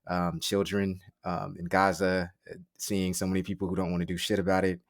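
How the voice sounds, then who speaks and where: A man hosting a podcast, speaking in a halting, earnest way with many pauses. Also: deep voice, level tone, no room sound, clean studio sound. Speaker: podcast host. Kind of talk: casual podcast chat.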